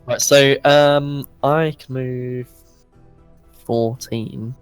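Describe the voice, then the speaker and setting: A man playing a tabletop game, chatty with quick asides. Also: medium pitch, fairly even intonation, clean tone, no echo, soft background music. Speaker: player. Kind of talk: casual tabletop game play.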